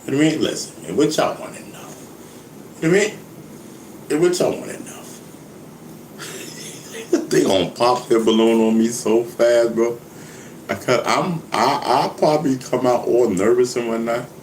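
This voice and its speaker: This rapper and vlogger's medium-pitched, darkish voice moves at normal speed with frequent pauses, sitting in a typical male middle range. His rambling monologue is loose, joking, and laid-back, full of laughter and "you know what I mean" check-ins after nearly every sentence, while echo fills the room over a faint hum.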